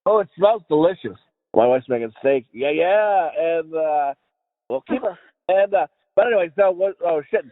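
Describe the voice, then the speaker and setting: A man with a fairly high voice tells a casual comic story, swearing freely and restarting his sentences as he goes. The sound is dry and close, narrowed like a phone line. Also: expressive, moderate pace, no room sound. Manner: rambling, profane, many restarts. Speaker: podcast co-host.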